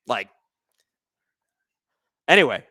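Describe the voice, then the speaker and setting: A man hosting a live hockey watch-along stream, commenting casually on the play and reading chat, excitable and sarcastic, swearing at the refs. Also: extremely slow, dry recording, clean studio sound.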